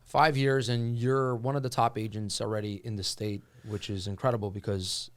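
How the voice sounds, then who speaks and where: Jersey podcast host, lowish voice, fast, dry mic. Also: male voice, flat delivery, no room sound. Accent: New Jersey. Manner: short encouraging back-channel replies. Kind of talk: casual interview.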